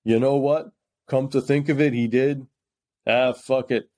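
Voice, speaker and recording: A man voicing a cruel male crime boss who taunts and threatens in a quiet, measured way. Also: medium pitch, fairly even intonation, natural voice. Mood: mocking.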